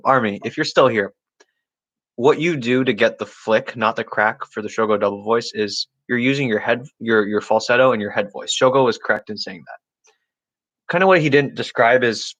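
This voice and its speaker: Halting, chatty man on a live stream. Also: fairly low pitch, fairly bright tone, poor audio. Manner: halting, repeats words and restarts often; chatty, talks directly to chat viewers. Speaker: beatboxer answering viewer questions. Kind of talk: casual live-stream teaching.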